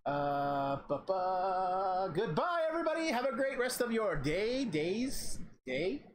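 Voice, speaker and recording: A young adult game streamer chatting casually and excitably from home, thanking viewers by name. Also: medium pitch, slow. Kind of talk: casual live-stream chat. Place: home room. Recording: keyboard typing noise behind.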